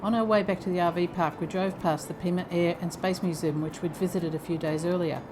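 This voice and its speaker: A woman with a fairly low voice narrates calmly from a moving car. Road noise from the drive is clearly heard around her. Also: fairly quick. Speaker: travel vlogger. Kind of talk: casual travel narration. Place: car, driving.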